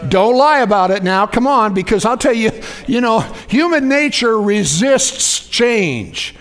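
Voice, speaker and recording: A preacher with a strikingly high voice delivers a folksy sermon. He talks casually and keeps calling on the congregation to answer him back. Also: unhurried. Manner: lively, folksy preaching with call-and-response.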